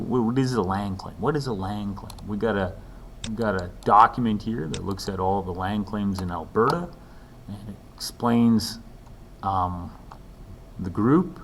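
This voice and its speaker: A man with a very low voice talks through a recorded lesson. He keeps it conversational, scattering ums and dry, self-mocking asides between points. A faint hiss runs under the recording. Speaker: teacher. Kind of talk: recorded lecture walkthrough.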